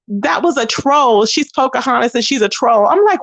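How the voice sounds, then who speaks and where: A woman's voice: fairly quick, no room sound. A woman hosting a livestream, chatting casually with her viewers and acting out the people she talks about. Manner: animated, acts out quoted voices in a higher pitch. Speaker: livestream host. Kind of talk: casual gossip chat with viewers.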